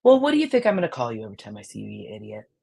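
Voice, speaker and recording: A woman with a raspy voice, talking bluntly and fiercely as a guest in a casual podcast chat, telling gossip with relish. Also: a bass voice, huge pitch swings, rapid-fire, dark tone. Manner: blunt, fiery, gossipy storyteller. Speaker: guest, activist.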